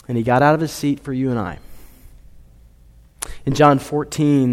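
Male pastor, mid-pitched, earnest sermon delivery with soft drops, long hall reverb. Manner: earnest, building to emphatic peaks then dropping soft.

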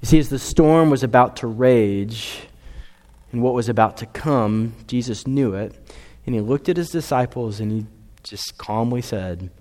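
Male pastor, mid-pitched, earnest sermon delivery with soft drops, long hall reverb. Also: normal speed. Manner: earnest, building to emphatic peaks then dropping soft.

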